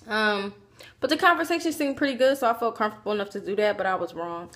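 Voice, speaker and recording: A woman telling a personal story to her camera in a casual, animated way, acting out what people said. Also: medium pitch, fast talker. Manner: animated, acts out quoted voices, chatty asides. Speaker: vlogger.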